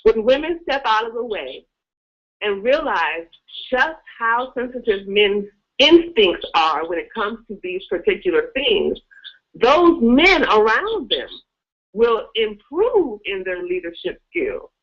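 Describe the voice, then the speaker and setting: A woman speaking as a guest on a talk radio show, explaining her views in a measured way. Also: a little high, sing-song, muffled recording.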